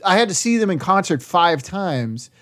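A man's voice: high voice, sing-song, moderate pace, fairly bright tone. A man co-hosting a podcast in casual chat, rambling and swearing, with many restarts. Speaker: podcast co-host. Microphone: headphones.

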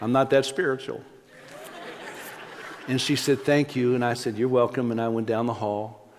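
A man's voice: mid-range voice, steady tone, normal speed. A middle-aged male pastor preaching a sermon, telling stories in a folksy way and often repeating words as he restarts. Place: church sanctuary. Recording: long hall reverb.

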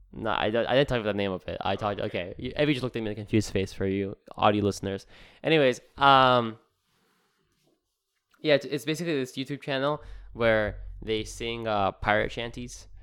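A young man co-hosting a casual podcast, rambling and halting with many restarts. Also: on the low side, a bit bright, clean tone. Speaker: podcast co-host.

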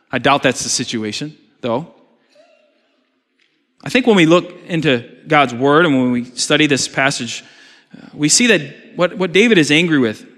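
A man's voice: a little high, pushed and bright. A man preaching a sermon, reading scripture aloud and then explaining it with earnest questions. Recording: reverberant hall.

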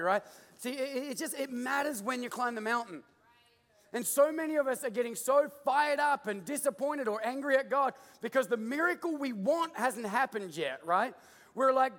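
Australian male pastor, very high voice, jokey digressive sermon, big reverberant hall. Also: lively intonation, normal speed, a bit bright.

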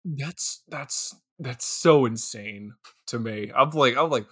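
Bright-voiced laughing man co-host. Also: mid-range voice, slow, slightly rough. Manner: animated, laughing often, jumps into put-on voices. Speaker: podcast co-host. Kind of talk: casual movie-review chat.

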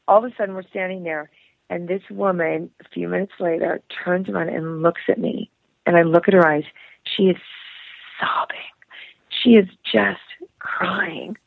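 A woman guest on an interview podcast, telling a personal story with animated emotion, acting out the voices of the people in it and laughing often. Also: on the low side, normal speed, creaky, no echo. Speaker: actress and singer, podcast guest. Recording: tinny phone-like line, dry.

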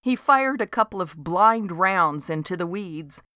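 A woman's voice: on the low side, lively intonation, measured pace, sharp tone, dry recording. A woman narrating a storybook in a dry, wry delivery.

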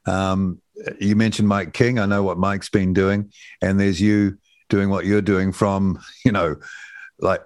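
A man with a New Zealand accent hosting an interview, asking gentle, probing questions. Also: lowish voice, no room sound, clean studio sound. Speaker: host.

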